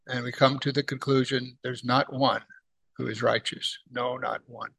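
A middle-aged man preaching a verse-by-verse Bible lesson in a conversational way, asking his listeners rhetorical questions and slowing right down whenever he reads scripture aloud. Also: mid-range voice, fairly even intonation, vocal fry, fairly bright tone.

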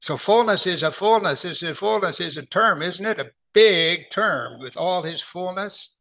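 A middle-aged man preaching a verse-by-verse Bible lesson in a conversational way, asking his listeners rhetorical questions and slowing right down whenever he reads scripture aloud. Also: sits high, expressive, gravelly, sharp tone.

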